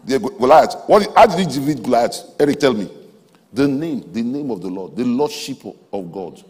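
A man preaching a sermon in a large auditorium, emphatic, swinging between soft asides and loud exhortation. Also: medium pitch, expressive, moderate pace, husky. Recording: hall reverb from a large auditorium.

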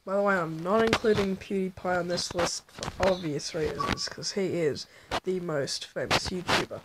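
A YouTube vlogger ranks her favorite video makers in casual commentary, rambling and poking fun at herself along the way. Her voice is lowish, her speed normal, and the recording is very noisy.

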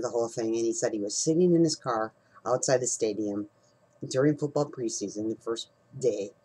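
A man's voice: fairly low pitch, darkish tone, slightly rough, rough recording. A middle-aged man, telling a story in a rambling, casual way as he leads a team call, with frequent restarts and fillers. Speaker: team leader hosting a call.

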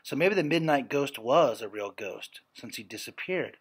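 A man reading a children's story aloud in a gentle, steady narrating voice. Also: medium pitch, normal speed, breathy edge. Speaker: reader.

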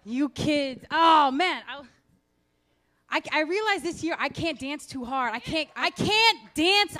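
High-voiced brash woman doing stand-up. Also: fairly bright tone. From United States. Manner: brash, rapid, punchy delivery with character voices. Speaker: stand-up comedian. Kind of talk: stand-up comedy set. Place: comedy club stage. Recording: echoey club with faint noise.

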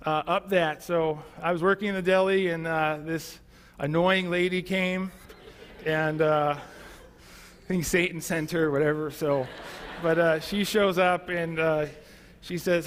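High-voiced man telling a church testimony. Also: fairly even intonation, normal speed, a bit bright, big-room sound. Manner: conversational storytelling with many fillers. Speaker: pastor. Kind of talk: sermon testimony.

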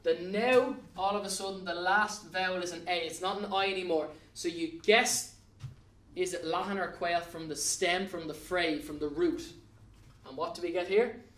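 A man's voice: sits high, fairly even intonation, normal speed, fairly bright tone. A man with an Irish accent teaching a recorded grammar lesson to students, spelling words out letter by letter and urging them to stay with him. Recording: echoey room, mic at a distance.

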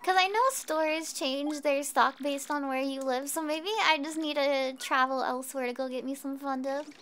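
A woman's voice: sits high, steady tone, moderate pace, fairly bright tone. A woman streaming a video game, chatting casually with her viewers, swearing and laughing often. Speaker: VTuber streamer. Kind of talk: casual gameplay commentary.

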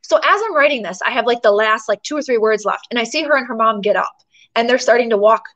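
A woman tells a personal story as an interview guest, chatty and animated, her talk full of fillers. Her voice sits a little higher than most, and she keeps the pace of relaxed conversation. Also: fast, lo-fi sound.

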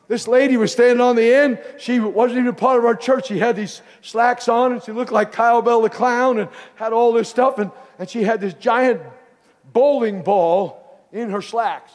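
A man preaching a sermon as a bishop, telling funny stories that build to loud exclamations. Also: very high-pitched, steady tone, moderate pace, long reverb tail.

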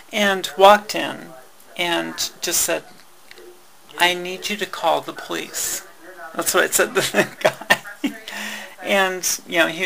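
A woman telling a personal story in a halting way, with many fillers, restarts and wry laughs. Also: lowish voice, vocal fry, fairly bright tone, rough recording.

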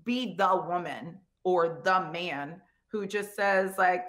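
Woman, former football coach, slightly low voice, animated storytelling, video call. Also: takes it slowly. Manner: animated storytelling, acts out quoted voices, many fillers. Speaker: guest speaker, former pro football coach. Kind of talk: conversational interview answer.

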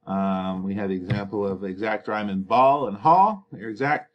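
A man's voice: on the low side, normal speed, dull audio. A man teaching a recorded lesson over slides, in a casual, chatty way with fillers and joking asides.

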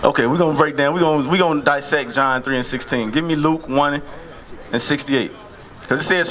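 A man preaching on a city street, questioning a passerby insistently and repeating verses slowly to stress them. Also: fairly high pitch, a bit bright.

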